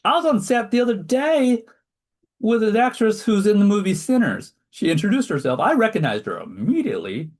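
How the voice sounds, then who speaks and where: Guy hosting a podcast over a video call, self-deprecating, lots of pitch swings, rambles and restarts. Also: sing-song, a little fast. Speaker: podcast host. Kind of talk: casual chat.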